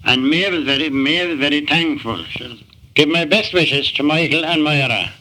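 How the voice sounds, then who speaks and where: A man's voice: on the high side, moderate pace, sharp tone, low-quality recording. A man recording a spoken message to his family, phrased formally like a letter.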